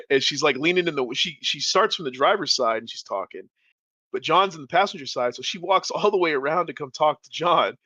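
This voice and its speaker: Lively male podcast storyteller, very expressive pitch, dry, slightly dull mic. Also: fairly quick, dry recording. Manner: animated, laughing, acts out voices. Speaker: podcast co-host. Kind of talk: casual storytelling.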